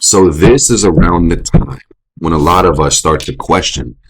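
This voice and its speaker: A young adult man hosting a casual astrology stream, profane and animated, often jumping into mocking voices. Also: deep voice, normal speed, slight background noise. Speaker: astrology show host. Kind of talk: casual astrology livestream talk.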